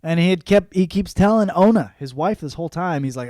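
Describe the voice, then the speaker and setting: A man's voice: sits high, expressive, brisk, a little mellow, dry recording, studio quality. A young man hosting a podcast, giving a casual book review, swearing freely and acting out the characters' lines. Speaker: podcast host.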